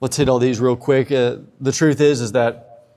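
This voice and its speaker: Man pastor, casual humorous sermon, medium pitch, long church reverb. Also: little pitch movement, normal speed, mellow. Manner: casual, humorous preaching with acted-out quotes. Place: church sanctuary.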